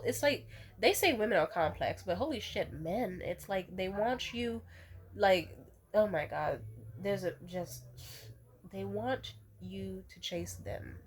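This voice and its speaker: Blunt ranting woman, low voice. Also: darkish tone. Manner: blunt, profane, heated; repeats herself to restate points. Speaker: vlogger. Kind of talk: casual rant to camera.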